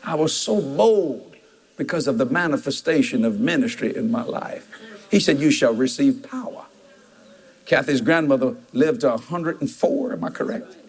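Animated husky preacher man. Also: medium pitch, moderate pace. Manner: animated, jumps into quoted voices with laughter. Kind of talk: storytelling sermon.

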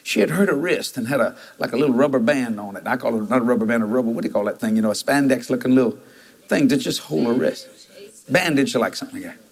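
A man's voice: medium pitch, animated, fast, creaky, husky. A man, preaching a storytelling sermon and jumping into quoted voices with laughter.

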